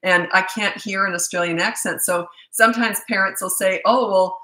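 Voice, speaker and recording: A woman's voice: mid-range voice, steady tone, normal speed, sharp tone. Chatty woman in her sixties, echoey room. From North America. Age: 60s. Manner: chatty, candid, rambling asides. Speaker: parenting coach. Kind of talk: live-stream Q&A.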